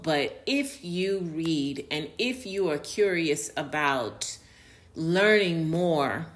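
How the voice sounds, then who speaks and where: Slow-talking earnest woman podcaster. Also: on the low side, fairly bright tone. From New York. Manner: earnest, explaining with restarts and fillers. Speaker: podcast host. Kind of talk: casual solo podcast monologue.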